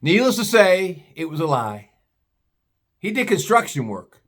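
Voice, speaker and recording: A man's voice: high-pitched, sing-song, measured pace, a bit bright, slightly rough. A man telling a story in a blunt, profane, scornful rant, slipping into put-on voices for other people. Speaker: vlogger. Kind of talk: ranting storytelling monologue.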